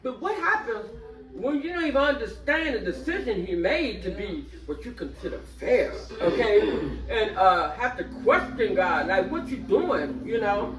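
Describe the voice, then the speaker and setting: Older woman, expressive storyteller, group discussion, echoey room, mic set back. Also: mid-range voice, moderate pace. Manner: expressive storyteller, laughs often. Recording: roomy, distant mic.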